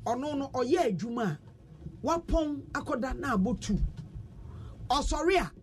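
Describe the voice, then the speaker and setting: Ghanaian radio host, lively studio banter, reads listener messages, repetitive, low background noise. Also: slow. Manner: animated, repeats words many times.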